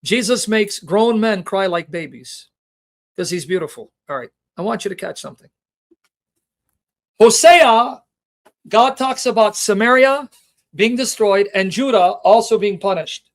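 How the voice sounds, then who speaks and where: Passionate high-voiced male Bible teacher. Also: unhurried, long pauses. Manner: passionate, emotional, addresses viewers directly; reads scripture references aloud with rhetorical questions. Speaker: Bible teacher and show host.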